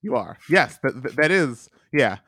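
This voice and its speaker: A man's voice: medium pitch, big pitch swings, measured pace, sharp tone. A man co-hosts a podcast in casual chat. He teases his partner and laughs often. His voice sits in the middle range and is recorded close to the mic, dry and free of echo. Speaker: podcast co-host.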